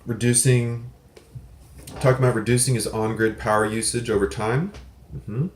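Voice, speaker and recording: The host of a prepper channel records a casual video reply, explaining things in a rambling, self-correcting way with offhand swearing, using a desk mic that picks up some feedback. He speaks at normal speed with a medium pitch and steady tone, and the sound is reverberant.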